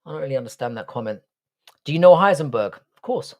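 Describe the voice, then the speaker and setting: A man's voice: mid-range voice, animated, fast, a little mellow. A young man, Irish but raised in London, with a London accent, casually hosting a live stream and answering chat in a blunt, sardonic, sweary way. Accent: London English. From Ireland, raised in London. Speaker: livestream host reading chat.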